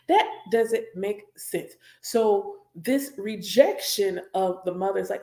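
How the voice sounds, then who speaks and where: Woman, middle pitch, emphatic and animated, live reaction stream, echoey room. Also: a little slow, hardly any pauses. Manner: animated and emphatic, repeats points for stress. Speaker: spiritual teacher reacting live. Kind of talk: live reaction stream, preachy casual talk.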